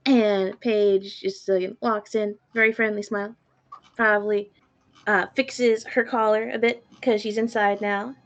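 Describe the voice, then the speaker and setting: A woman's voice: mid-range voice, flat delivery, measured pace, muffled recording. A woman playing a tabletop game, chatting in a playful way and swearing at times. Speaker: player. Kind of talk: casual chat.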